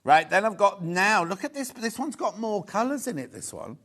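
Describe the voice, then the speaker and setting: A man's voice: high voice, very animated, moderate pace, fairly bright tone. Chatty Yorkshire man selling fabric. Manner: chatty, gushing, full of asides. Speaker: shopping channel presenter. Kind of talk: live TV sales chat.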